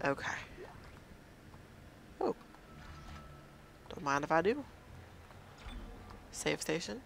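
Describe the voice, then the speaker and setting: High-voiced, unhurried gamer man muttering. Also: sing-song, gravelly, fairly bright tone, slight background noise. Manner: hesitant, muttering to himself while figuring out controls. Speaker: gameplay commentator. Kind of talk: let's play commentary.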